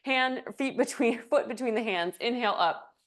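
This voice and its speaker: A woman's voice: on the high side, normal speed. A woman teaching a yoga class, calling poses in time with the breath and slipping in chatty asides; she is out of breath from moving. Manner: breath-paced cues, chatty asides with light laughs. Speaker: yoga instructor. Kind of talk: cueing a live yoga class.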